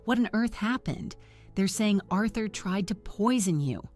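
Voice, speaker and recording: A woman's voice: medium pitch, expressive, measured pace, darkish tone, faint music behind, pitched above the performer's own voice, close to an everyday voice. A woman voicing an anxious male professor. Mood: urgent. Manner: urgent, insistent.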